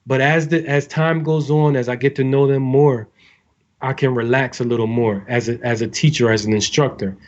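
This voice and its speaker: A man's voice: mid-range voice, steady tone, normal speed, dull audio. A man, a navy sailor, giving casual advice to recruits, talking in a rambling way with many fillers and restarts.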